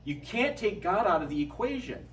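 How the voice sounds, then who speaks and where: A middle-aged man giving a lively, joking parish talk to an audience, telling stories as he goes. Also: high-pitched, normal speed. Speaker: adult formation speaker. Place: parish hall. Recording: echoey hall from far off.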